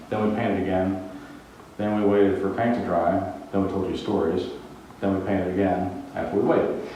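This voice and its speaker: A man hosting a home renovation vlog, telling jokes and stories in a playful, deadpan way. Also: lowish voice, very echoey, distant mic, slight background noise, low-quality recording. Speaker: host of a home renovation show. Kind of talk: joking storytelling while renovating.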